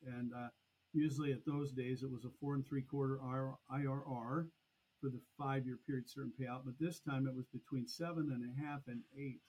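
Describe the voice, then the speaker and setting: A middle-aged man, a podcast guest, telling a long story in a lively conversational way. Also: medium pitch, fairly quick, slightly rough, poor audio. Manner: animated, acts out past conversations. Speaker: podcast guest, annuity expert.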